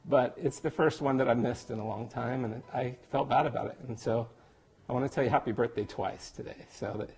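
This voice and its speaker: A man recording a heartfelt, halting birthday message to his best friend, getting emotional and joking at himself. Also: medium pitch, darkish tone, husky. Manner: emotional, halting, self-deprecating. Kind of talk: personal video message. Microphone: camera.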